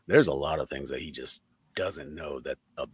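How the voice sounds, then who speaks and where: A man's voice: extremely low pitch, moderate pace, slightly rough, dry recording. A man hosting a casual talk show, talking animatedly, swearing freely and laughing often. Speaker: podcast host. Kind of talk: casual profane commentary.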